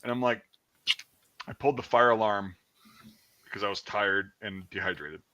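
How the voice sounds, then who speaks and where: A man's voice: fairly low pitch, normal speed, highs cut off. A man hosting a podcast, telling a story in a casual, profane way and acting out the people he quotes. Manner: profane, animated, acts out quotes. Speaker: podcast host.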